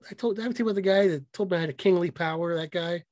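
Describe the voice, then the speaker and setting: A man's voice: high-pitched, very fast, a little mellow, dry recording. A man co-hosting a podcast, telling a rambling, profane story in casual chat. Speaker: podcast co-host.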